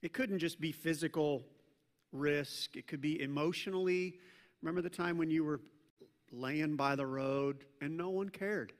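A man preaching a sermon to a congregation, talking conversationally and joking with the room, swinging between loud emphasis and hushed intensity. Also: on the high side, moderate pace. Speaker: pastor. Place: church service with a congregation. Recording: long church reverb.

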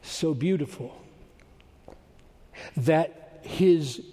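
Man, preacher, high voice, slow deliberate sermon, emphatic bursts, long hall reverb. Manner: emphatic, swelling to loud exclamation.

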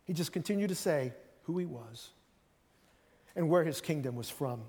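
A man's voice: a little high, lively intonation, moderate pace, a little mellow, in a large hall, slight background noise. A man preaching a sermon in a conversational way, often repeating phrases and acting out quotes.

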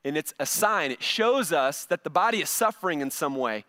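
A man's voice: fairly high pitch, lively intonation, moderate pace, bright, forceful tone. A middle-aged male pastor giving a conversational sermon, often repeating words as he starts a phrase.

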